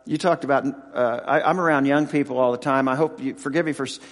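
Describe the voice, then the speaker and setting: A man in his sixties, a pastor and football chaplain, preaching a sermon with halting, emotional storytelling and many restarts. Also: medium pitch, fairly even intonation, big-room sound. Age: 60s.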